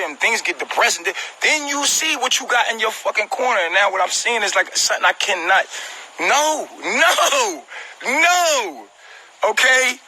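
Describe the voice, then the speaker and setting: Man, upset and hurt, venting to livestream viewers from home on a phone; high, very bright and strained voice, repetitive and profane. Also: a little hiss or hum, low-quality recording. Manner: agitated, repetitive, profane, talks directly to viewers. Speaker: vlogger on a live stream. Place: at home, indoors.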